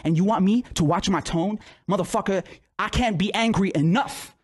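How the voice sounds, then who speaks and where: A man's voice: high-pitched, normal speed, breathy edge, soft background music. A man ranting furiously, cursing and firing off angry questions. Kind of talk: political rant video.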